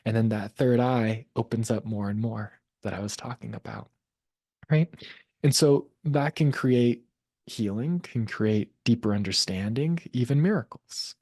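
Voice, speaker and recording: A man teaching a live class on seeing energy, talking in a relaxed, conversational way with many fillers. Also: medium pitch, a little slow, dry recording, studio quality.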